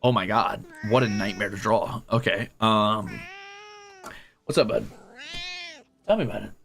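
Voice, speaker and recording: A man's voice: lowish voice, fairly even intonation, measured pace, vocal fry, fairly bright tone, slight background noise. A man streaming from a room at home, chatting casually while he draws, swearing freely and teasing his cat in coaxing baby-talk. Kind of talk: casual live-stream chat while drawing.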